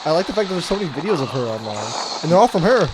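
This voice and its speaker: A man's voice: fairly high pitch, very animated, rapid-fire, noisy background. A young man hosting a podcast, rambling and swearing as he tells a story in casual chat. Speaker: podcast host.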